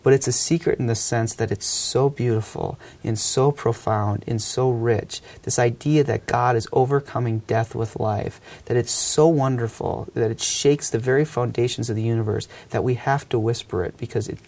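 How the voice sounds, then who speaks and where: Gravelly-voiced man telling a story. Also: mid-range voice, steady tone, normal speed, few pauses, darkish tone. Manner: earnest, hesitant with frequent fillers. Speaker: youth ministry speaker. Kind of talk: reflective storytelling talk.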